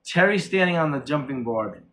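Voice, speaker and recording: Male horror-movie reviewer, a little high-pitched, in an excited, rambling casual chat full of restarts. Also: normal speed, a little hiss or hum. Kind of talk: casual chat, retelling a film plot.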